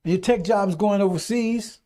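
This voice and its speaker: A man's voice: high voice, moderate pace, dark tone. A man talking on a radio stream, rambling and scolding in a folksy way, now and then mocking people in put-on voices. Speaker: radio preacher. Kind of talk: unscripted radio talk.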